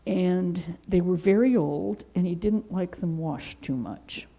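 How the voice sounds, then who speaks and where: A woman from Seattle who is a nun, telling lively anecdotes in an interview and acting out quotes. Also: on the low side, slow, poor audio. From Seattle, United States. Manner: animated, with laughter and acted-out quotes. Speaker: Vedanta nun.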